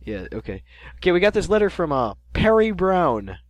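A man's voice: high voice, sing-song, moderate pace, dry recording. A teenage man from Canada, co-hosting a podcast in casual chat, joking and restarting his sentences as he reads listener mail. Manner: joking, rambling with repeated restarts. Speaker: podcast co-host.

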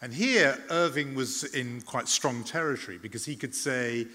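A man, a journalist, giving a public talk in a measured, reflective storytelling manner, often pausing on "uh" and restarting words. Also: medium pitch, bright, forceful tone, big-room sound.

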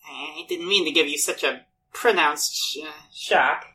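Woman, tabletop player, bright tone, lively pitch, low voice, hesitant friendly. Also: a little slow. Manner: hesitant, friendly in-character talk. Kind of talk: tabletop role-play.

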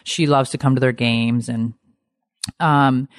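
A woman in her forties co-hosting a casual podcast, telling stories in a lively, animated way. She swears freely and leaps up in pitch whenever she quotes herself or others. The sound is dry and close. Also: a little slow, dry recording. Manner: animated storyteller, swears, jumps high for quoted lines. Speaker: podcast co-host. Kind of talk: casual chat.

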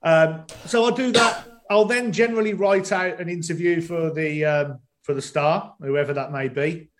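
A man's voice: on the high side, normal speed, background noise. A man, a stadium announcer and guest, telling his story at a casual pace with many fillers. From England. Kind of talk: casual interview chat.

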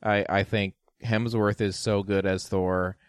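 A man casually reviewing a film with a friend, animated, laughing often and swearing. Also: fairly low pitch, a little slow, clear, resonant tone, no echo, clean studio sound. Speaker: podcast co-host. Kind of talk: casual movie review chat.

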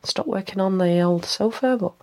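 A woman's voice: mid-range voice, normal speed, warm tone. A young woman hosting a casual solo podcast, rambling and self-mocking, a little stuffed up with a cold and tired. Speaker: podcast host.

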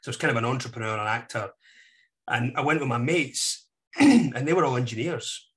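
A man's voice: mid-range voice, a little fast. A Scottish man in his forties, a podcast guest chatting casually and telling self-deprecating stories. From Scotland. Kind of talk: casual chat.

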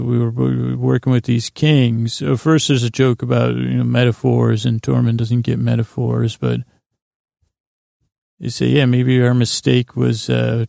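Very gravelly, flat-voiced man rambling. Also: medium pitch, no echo, studio quality. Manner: meandering, loose retelling with many fillers. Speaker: podcast host. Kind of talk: rambling bedtime episode recap.

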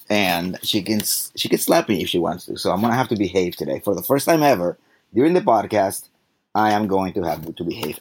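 A middle-aged man hosting a podcast in casual, rambling chat, joking as he goes. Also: low-pitched. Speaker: podcast host.

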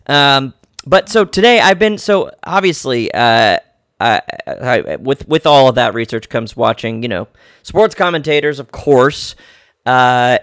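A young man hosts a casual solo sports podcast, chatting loosely and breaking off his own sentences. His voice sits in a middle pitch, and the sound is dry and close. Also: a bit bright, no echo. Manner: rambling, self-interrupting, chatty. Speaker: podcast host.

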